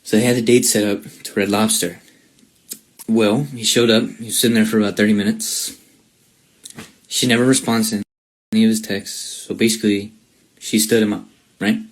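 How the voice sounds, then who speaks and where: A man casually telling a story about a friend in a relaxed, conversational way. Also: on the low side, normal speed, pauses often, low-quality recording.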